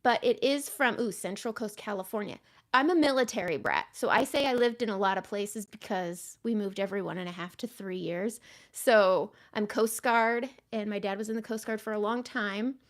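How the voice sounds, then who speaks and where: A woman hosting a makeup livestream, chatting casually with viewers and drifting into soft muttered asides. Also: mid-range voice, fairly quick.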